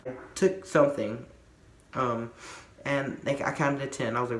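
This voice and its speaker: A man's voice: mid-range voice, steady tone, moderate pace, long pauses, a bit bright. Guy doing a casual storytime vlog, rambly, lots of um and like, kinda echoey. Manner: rambling, lots of fillers and restarts. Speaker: vlogger.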